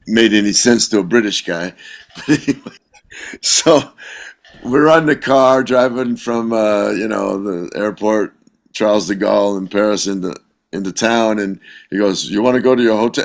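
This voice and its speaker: A man, a guest musician, telling a lively anecdote in casual conversation, acting out the people he quotes. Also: fairly low pitch. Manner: animated anecdote-telling with laughs and quoted voices. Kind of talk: casual storytelling.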